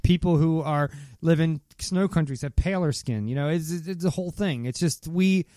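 A man's voice: a little high, moderate pace, warm tone, no room sound, studio quality. A man co-hosting a podcast in casual, rambling chat, swearing freely and joking. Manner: rambling, profane, jokey, does mock voices. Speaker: podcast co-host.

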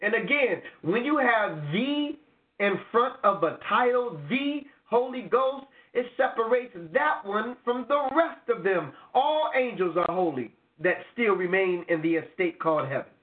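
Guy with a high voice reading bible verses, talks straight to the listeners. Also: lively intonation, a little slow. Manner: reads verses aloud, addresses listeners directly. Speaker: Bible show co-host. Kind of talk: scripture reading and preaching. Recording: tinny phone-like audio.

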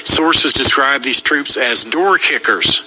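A man co-hosting a talk show, explaining news reports in a measured way with some halting restarts. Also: medium pitch, bright, forceful tone, husky, faint music behind, poor audio. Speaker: co-host. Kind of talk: conversational news commentary.

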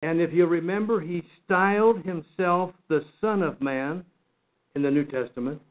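A man with a high voice teaches a Bible study lesson, pressing his points earnestly and doubling back on his words as he goes. His voice comes through a narrow, phone-like line. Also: normal speed. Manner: earnest, emphatic, repeats and restarts words.

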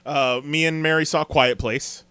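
Brief: bright, lively male co-host, dry close sound. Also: a little high, measured pace, smooth, dry recording. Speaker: podcast co-host. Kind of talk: casual chat.

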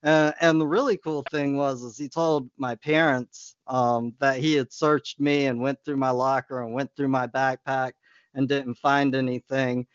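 A man's voice: medium pitch, little pitch movement, measured pace, clean tone, dry recording, dull audio. A man telling a story from his school days in casual podcast chat, often laughing and acting out what others said. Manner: laughs often while telling stories, acts out quotes. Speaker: podcast co-host.

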